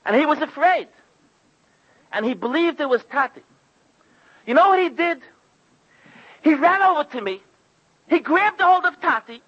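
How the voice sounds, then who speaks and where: High, bright-voiced impassioned preacher man. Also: animated, moderate pace, pauses often. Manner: impassioned storytelling, acting out quoted voices. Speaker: rabbi giving a sermon. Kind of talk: sermon. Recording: dull lo-fi recording.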